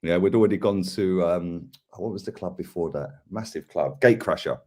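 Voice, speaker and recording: A man's voice: low-pitched, moderate pace, darkish tone. A man from England co-hosting a football stream, a chatty storyteller who tags his sentences with "yeah" and "mate". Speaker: co-host of a football live stream. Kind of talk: casual chat.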